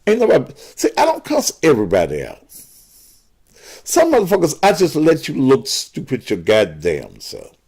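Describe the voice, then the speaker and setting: A man's voice: on the high side, huge pitch swings, normal speed, a little mellow, breathy edge. A man hosting a call-in show as a pastor, combative and profane, lecturing callers.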